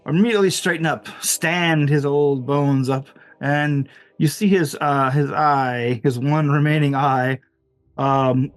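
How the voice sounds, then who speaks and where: A man narrating as game master of a tabletop game, lively and chuckling, with many fillers. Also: fairly high pitch, slow, dry recording, soft background music.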